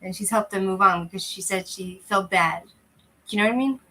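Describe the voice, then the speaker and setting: This channel host chats casually with livestream viewers, her medium-pitched voice brisk, pushed and bright. A cheap, lousy mic leaves the audio poor. She rambles in a loose, talkative way, often starting sentences over.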